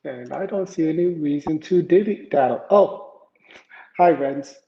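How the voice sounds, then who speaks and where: On a live tech show, a man with a voice on the high side and some vocal fry takes his time, rambling over news stories and greeting chat with many fillers. His home rig is an iPad camera plus a PC. The audio is lo-fi and dull, in an echoey room.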